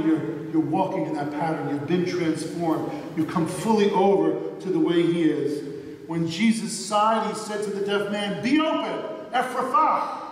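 A man preaching a sermon as pastor, earnest, slowing down to stress key points. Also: sits high, slight background noise. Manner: earnest, slows down for emphasis. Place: church sanctuary. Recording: echoey church hall from far off.

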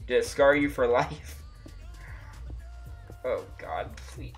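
A livestreamer chatting casually through a gameplay session, laughing at nearly every turn and spilling out exclamations. The voice sits at a middle pitch, and faint music runs quietly underneath. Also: slow pace. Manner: laughs often, exclaims a lot. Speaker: livestreamer playing a block-building game. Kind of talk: casual live gameplay commentary. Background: faint music playing.

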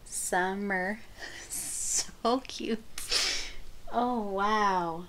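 A woman hosting a crochet channel, chatting casually and gushing softly as she opens mail, sometimes dropping to a whisper. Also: mid-range voice, extremely slow, slight background noise. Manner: gushing, soft-spoken, often drops to a whisper. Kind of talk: casual unboxing chat.

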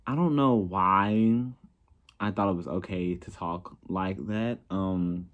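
Young male vlogger, deep register, blunt and profane, self-deprecating. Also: takes it slowly, phone-quality sound. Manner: profane, blunt, laughing at himself. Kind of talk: casual ranting commentary.

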